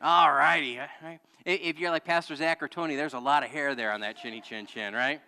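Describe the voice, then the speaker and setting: A man's voice: fairly high pitch, fairly even intonation, a little fast, sharp tone, clear, resonant tone, long reverb tail. A man preaching a sermon as pastor, telling a story and calling out to the congregation for answers. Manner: storytelling with audience call-and-response. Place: church sanctuary.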